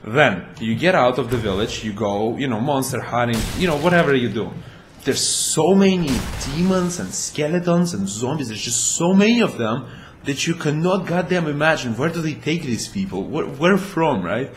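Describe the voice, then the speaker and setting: A man's voice: mid-range voice, expressive, moderate pace, few pauses, slight background noise. Chatty, playful man commenting on a game. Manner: chatty and playful, makes goofy sound effects. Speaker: gameplay commentator. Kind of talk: casual let's-play commentary.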